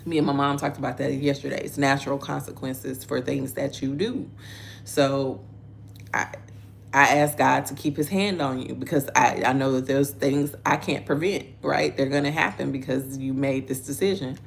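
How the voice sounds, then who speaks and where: A woman's voice: very deep voice, steady tone, moderate pace, vocal fry, slight background noise. A middle-aged woman hosting a casual devotional talk, earnest and conversational, reading viewer comments aloud. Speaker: devotional host.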